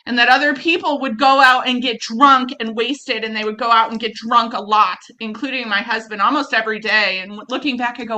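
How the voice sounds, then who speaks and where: Blunt, bright-voiced woman telling her story. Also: a little high, brisk, hardly any pauses. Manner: blunt, profane, self-mocking, animated quoting. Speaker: speaker sharing recovery story. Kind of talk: candid personal story talk.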